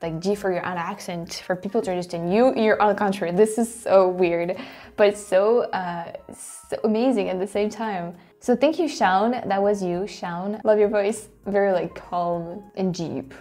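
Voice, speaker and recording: A French woman hosting and reacting aloud, animated and quick to exclaim and laugh. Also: medium pitch. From France. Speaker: host. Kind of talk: casual reaction commentary.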